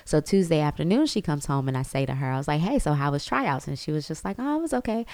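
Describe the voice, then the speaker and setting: A woman's voice: low-pitched, animated, fast, darkish tone, dry recording. A woman, chatting casually as she tells a family story to her viewers. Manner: chatty, says y'all, acts out quotes. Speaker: vlogger.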